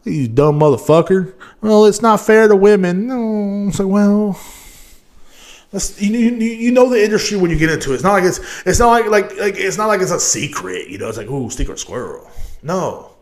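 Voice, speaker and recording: A man's voice: high voice, very animated, moderate pace. Profane ranting male podcast host. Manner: profane, rambling, mocking. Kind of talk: casual rant.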